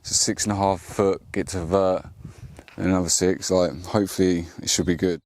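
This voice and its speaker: A man from England narrates casually, his voice sitting low and easygoing. He drops slang and fillers as he goes. Traffic and city sounds are clearly heard behind him outdoors. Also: fairly even intonation, normal speed. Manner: laid-back, slangy storytelling with fillers. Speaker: BMX rider and builder.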